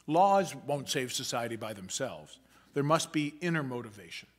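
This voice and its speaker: A man, a pastor, preaching a sermon in a measured, emphatic way and slowing down for quoted passages. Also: medium pitch, sing-song. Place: church sanctuary.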